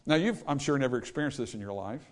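A man preaching a sermon, swinging from hushed asides to loud peaks and acting out the people in his story. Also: mid-range voice, expressive, quick pace. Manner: acts out quoted people in character voices. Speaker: pastor.

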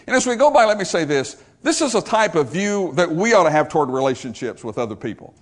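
Man, preacher, sermon, high voice, lively rises and drops, emphatic, repeats himself. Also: fast talker. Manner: emphatic and repetitive, swinging from loud to hushed.

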